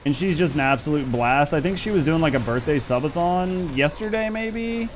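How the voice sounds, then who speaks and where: A man's voice: fairly high pitch, animated, moderate pace, slight background noise. A man in his thirties from Indiana with a Midwestern accent, chatting casually and rambling on a live game stream, swearing freely. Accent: Midwestern American. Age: over 30. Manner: laid-back, rambling, swears a lot.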